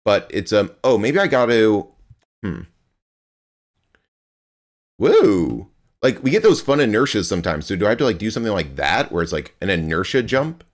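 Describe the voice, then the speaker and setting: A man's voice: on the low side, big pitch swings, moderate pace, pauses often. A young man streaming a game live, chatting with his viewers in a rambling, playful way and grunting as he plays.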